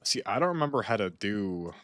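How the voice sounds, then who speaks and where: Very animated and fairly quick, a young gaming streamer speaks in a lowish voice with a fairly bright tone, recorded dry. His casual game commentary rambles, interrupts itself, and drifts into talk with a friend off-mic.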